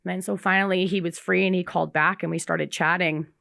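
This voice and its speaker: A woman's voice: lowish voice, steady tone, fairly quick, vocal fry, a bit bright, dry recording, studio quality. A woman guest on a podcast, speaking candidly in casual chat and acting out quotes as she tells her story.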